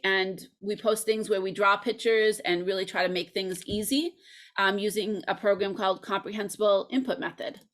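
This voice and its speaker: A woman's voice: medium pitch, fairly bright tone. An American woman, an English teacher, talking through ideas in a casual interview with frequent ums, over a video call. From United States. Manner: thoughtful, chatty, frequent ums. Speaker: English teacher and channel creator.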